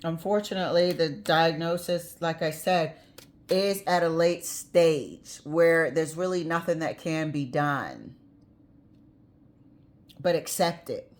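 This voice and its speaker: A woman's voice: low voice, slow pace. A woman giving a casual tarot reading, chatty and blunt, with the odd swear word and easy laughter. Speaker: tarot reader.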